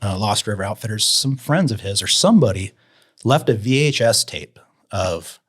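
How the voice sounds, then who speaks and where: A man telling fishing stories as a podcast guest in a casual, animated way, raising his voice to act out the people he quotes. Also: lowish voice, normal speed, breathy edge. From Idaho, USA. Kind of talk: casual storytelling in an interview.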